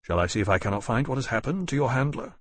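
A man voicing a courteous, kind male captain who speaks formally and gently in an audiobook. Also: mid-range voice, very animated, fast talker, no room sound. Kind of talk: audiobook narration.

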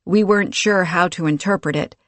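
A man's voice: high voice, a little fast, dry recording, natural voice. A narrator playing a wry, ironic male arbiter from an audiobook, sounding mock-innocent and dry. His lines are lifted a little and the sound is close and dry.

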